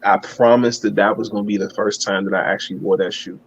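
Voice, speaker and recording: A man's voice: fairly low pitch, fairly even intonation, quick pace, muffled recording, a little hiss or hum. A man telling a long, rambling story in casual chat, swearing and laughing at himself. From Maryland. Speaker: guest.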